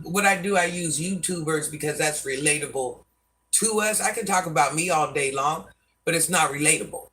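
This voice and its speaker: She's about sixty, with a deep voice, and she hosts a live stream where she gives homespun life advice, calling people "baby" and "hun" and herself Granny. The delivery is normal in speed and fairly bright in tone, heard through a distant mic.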